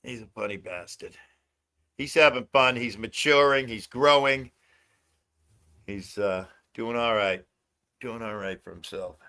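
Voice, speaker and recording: A man's voice: mid-range voice, unhurried, long pauses, sharp tone. An older man hosting a casual phone livestream, talking loosely with lots of swearing and laughter. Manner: loose, profane, laughs a lot. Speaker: livestream host.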